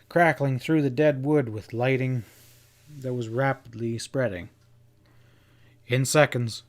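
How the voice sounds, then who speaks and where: A man reading a western novel aloud as an audiobook. His voice sits at an ordinary mid pitch. He keeps a steady, dramatic narrating pace.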